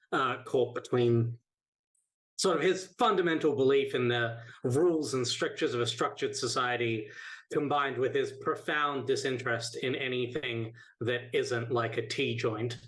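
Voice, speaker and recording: Man, player, slow deliberate speech, wordy, tabletop game. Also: medium pitch, fairly bright tone, poor audio. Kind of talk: describing his character in a tabletop game.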